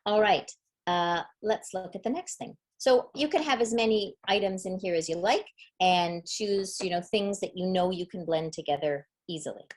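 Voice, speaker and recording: A woman presents a webinar on early reading, taking a patient teaching tone. She walks through each skill step by step and slows down to sound out example words and syllables. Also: medium pitch. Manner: explanatory, demonstrates word sounds slowly. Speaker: literacy educator. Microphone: webinar computer mic.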